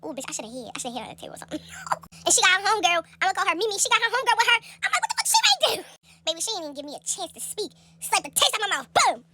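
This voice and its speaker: A young woman telling a story in a casual, animated, profane way, acting out the people in it in a high voice, recorded on a phone held close. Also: very fast, noisy background.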